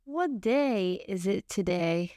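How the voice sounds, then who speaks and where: A woman reads short everyday phrases aloud for learners, one by one, at an unhurried pace. Her voice is smooth and crisp, and every word is carefully pronounced. The sound is dry and close, with no room echo. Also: mid-range voice, lively intonation, mellow. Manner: careful, deliberate enunciation with pauses. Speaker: English teacher. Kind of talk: slow phrase-by-phrase reading for learners.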